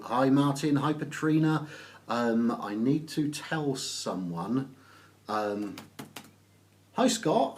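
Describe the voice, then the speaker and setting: A man from Oxfordshire with an English accent, chatting casually on a live stream, greeting viewers by name and pausing often with ums. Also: mid-range voice. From England. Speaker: business networking author.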